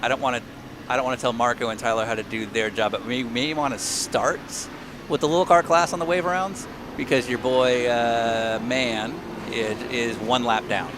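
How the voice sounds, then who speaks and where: Brief: easygoing male race host, average pitch, noisy stream. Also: steady tone, normal speed. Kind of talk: live race commentary.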